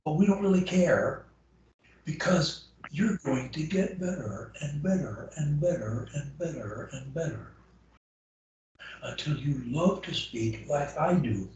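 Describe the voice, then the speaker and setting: A man speaks as a coach over a video call, his voice sitting somewhat high and swinging widely in pitch as he presses each point home. He talks slowly and with emphasis, repeating phrases to drive them in. The sound is very roomy and a little distant from the mic, with faint noise underneath. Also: lively intonation, darkish tone, lo-fi sound. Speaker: stuttering coach. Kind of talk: one-on-one coaching session. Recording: very echoey room, heard from a distance.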